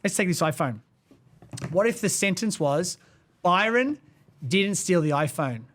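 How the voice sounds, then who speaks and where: A passionate, emphatic man co-hosting a casual podcast discussion. His voice sits high for a man. He leans hard into whatever point he is making. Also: expressive, a little slow, a bit bright, slight background noise. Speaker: podcast co-host.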